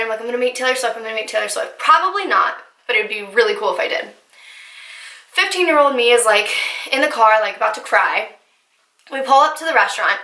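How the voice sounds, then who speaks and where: Bright-voiced young woman vlogger. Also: a little high. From New Jersey, US. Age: young adult. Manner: chatty, animated storytelling with many fillers. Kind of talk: casual storytime. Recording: echoey room.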